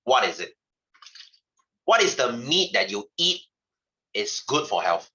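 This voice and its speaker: A man's voice: mid-range voice, sing-song, unhurried, bright, forceful tone, dull audio. A man giving a chatty science lesson to his class, asking questions and repeating himself. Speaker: science teacher. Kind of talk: classroom lecture.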